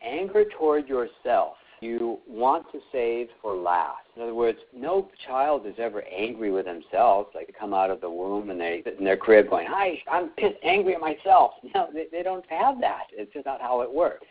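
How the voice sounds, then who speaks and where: A man's voice: mid-range voice, normal speed, hardly any pauses. A man coaching callers through a workshop, explaining ideas with simple everyday examples. His voice comes through thin and tinny, like a phone line. He keeps an easy conversational pace. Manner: relaxed, explains with plain examples. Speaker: workshop leader taking callers.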